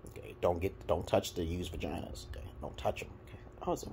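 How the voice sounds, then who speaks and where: A man's voice: low-pitched, fairly quick, slight background noise. A man from Brooklyn with a New York accent, talking bluntly and crudely to the camera in a casual rant of dating advice. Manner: blunt, crude, animated, swings between loud and muttered. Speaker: vlogger giving dating advice.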